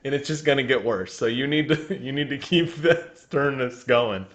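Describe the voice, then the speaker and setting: A young man co-hosting a gaming podcast in casual chat, giggly and jokey and quick to slip into silly voices. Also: mid-range voice, a bit bright. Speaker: podcast co-host.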